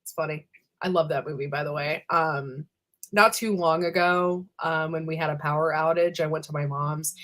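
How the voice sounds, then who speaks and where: A woman's voice: low voice, fairly even intonation, moderate pace, fairly bright tone. A woman hosting a casual livestream, rambling between asides and greeting viewers by name one by one, with plenty of ums and trailing thoughts. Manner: lots of fillers and trailing asides. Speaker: livestream host.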